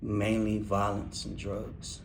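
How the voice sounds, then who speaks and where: A young man speaks in a low, flat voice, telling his own hard past in halting phrases. He restarts often and lets his words fall quiet at times. Faint background noise sits under the voice. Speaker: interviewee, incarcerated man. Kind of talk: candid personal testimony.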